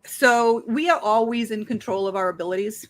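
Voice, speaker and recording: A woman, a psychic medium, talking as an interview guest and telling stories with lively acted-out dialogue. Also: a little high, normal speed. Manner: animated, acts out dialogue in her stories. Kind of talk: conversational interview storytelling.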